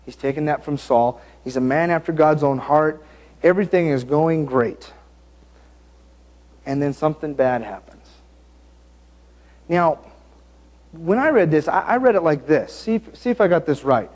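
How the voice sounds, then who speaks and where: A man with a highish voice preaches a sermon at a moderate pace, pausing often. He tells the story animatedly, acting out scenes, joking and interrupting himself with asides.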